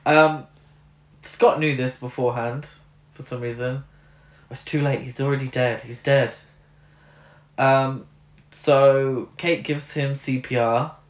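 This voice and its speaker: A man's voice: mid-range voice, fairly even intonation, slow pace, long pauses. Guy ranting about an awful movie, lots of ums, echoey room. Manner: exasperated, ranting critique with many fillers. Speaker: podcast co-host. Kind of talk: casual film review chat. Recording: roomy echo.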